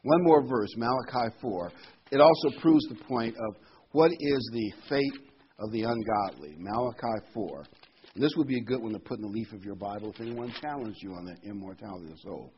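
A man's voice: lowish voice, fairly quick, slight background noise. A man preaching a sermon and reading scripture aloud, talking in a conversational way that rises to emphatic when he quotes the verses. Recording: dull lo-fi recording.

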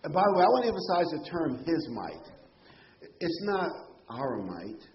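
A man's voice: high-pitched, big pitch swings, brisk. A man preaching a sermon to a congregation, emphatic and full of rhetorical questions. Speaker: pastor. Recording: roomy, dull hall sound.

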